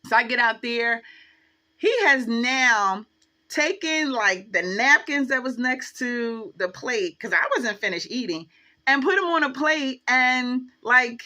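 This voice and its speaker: A woman's voice: a little high, animated, takes it slowly, pushed and bright. A woman telling a story to her channel in a casual, chatty way, full of fillers, acting out what each person said. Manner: chatty, filler-heavy, acts out the dialogue. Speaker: vlogger.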